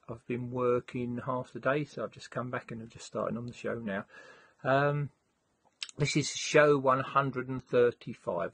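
Husky-voiced man hosting. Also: mid-range voice. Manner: chatty, laughs easily, warm poem recital. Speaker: host. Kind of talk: casual chat and poem reading.

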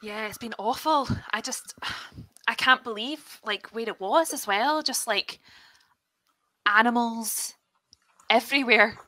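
A woman's voice: a little high, unhurried, sharp tone, low-quality recording. A woman improvising a comedy scene, rambling hesitantly with lots of fillers. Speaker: improv performer.

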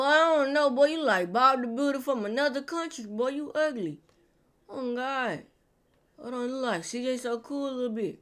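A woman hosting a reaction video, teasing and roasting the people on screen in slangy casual banter, drawing words out and repeating them for emphasis. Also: sits high. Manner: drawn-out, repetitive emphasis.

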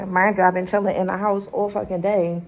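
The audio is poor, with a bit of hiss or hum, as a Philadelphia woman in her youth rants profanely from her home. She recounts a confrontation at her door, voicing the quoted lines herself in a mid-range voice.

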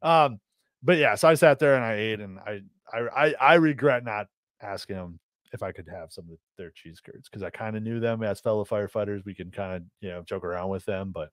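A young man co-hosting a podcast, telling a rambling story in an animated, exasperated way. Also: lowish voice, fairly quick, no room sound, studio quality. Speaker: podcast co-host. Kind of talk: casual storytelling chat.

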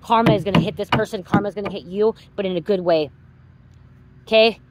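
This psychic card reader, a woman with a medium-pitched voice, talks fast over a very noisy recording. Addressing her viewers directly, she repeats herself with emphasis, swears openly, and gets increasingly heated.

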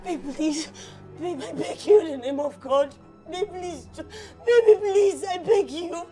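A woman's voice: high voice, moderate pace, mellow, soft background music, lightly acted. An actress with a Nigerian accent playing a young woman about to be jilted before her wedding, pleading and breaking into sobs in a film drama. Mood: begging.

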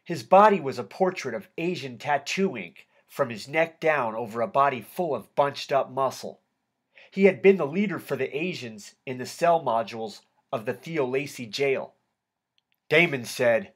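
A man narrating an audiobook in a steady first-person storytelling manner. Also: medium pitch, moderate pace. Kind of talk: audiobook reading of a prison memoir.

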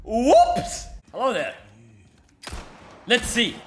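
A young man streaming a video game, excitable and swearing, laughing often as he comments casually. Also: very high-pitched, drawn-out words, a little hiss or hum.

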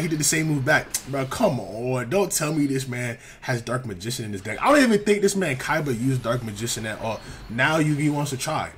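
A young man giving casual gameplay commentary, animated and exasperated, full of slang and repeated phrases. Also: mid-range voice, a little hiss or hum. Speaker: gaming commentator.

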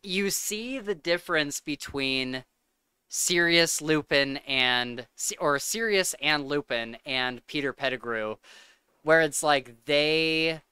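A man's voice: a little high, takes it slowly, sharp tone, clean tone, no room sound. A man hosting a podcast, chatting casually and gushing with enthusiasm, full of likes and ums. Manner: enthusiastic, gushing, filler-heavy. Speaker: podcast host. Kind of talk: casual chat.

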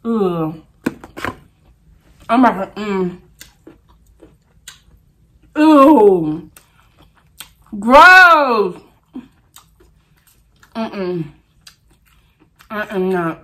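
Animated woman vlogger, lively swooping voice. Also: fairly high pitch, extremely slow, pauses often. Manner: animated, exclaiming and chanting to the wheel. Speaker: food challenge vlogger. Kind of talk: casual talk to camera while eating.

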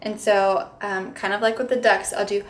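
A woman's voice: medium pitch, fairly even intonation, moderate pace. A young woman speech therapist explaining how to read picture books with toddlers, slipping into sing-song, exaggerated sounds for children. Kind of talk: instructional demonstration.

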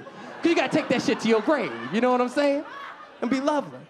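Noisy background surrounds this young adult comic from Chicago's south side, whose very high voice moves quickly with lively intonation. He's doing stand-up at a comedy club for a live audience, slipping into funny character voices.

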